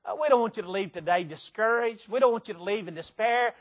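Older male preacher, high-pitched, emphatic sermon delivery, live church audience. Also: quick pace. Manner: emphatic, dramatic swings in pitch and volume.

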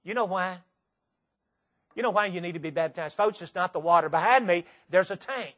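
A Southern preacher with a notably high voice delivers a sermon in a church. He speaks earnestly and repeats his points, slowing down to press each phrase home. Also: fairly bright tone. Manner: earnest, repetitive, slow emphatic phrases. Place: church sanctuary.

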